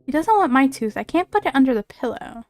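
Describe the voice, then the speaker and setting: A woman's voice: high-pitched, big pitch swings, fast talker, a little mellow, soft background music. A woman streaming a video game, talking in chatty, rambling casual commentary full of fillers.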